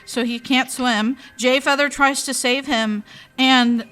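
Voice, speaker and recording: A young woman hosts a casual stream, ranting in an animated, exasperated way and swearing freely. Her voice is high and bright. Quiet music plays underneath. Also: slow pace, smooth. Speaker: streamer host. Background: faint music.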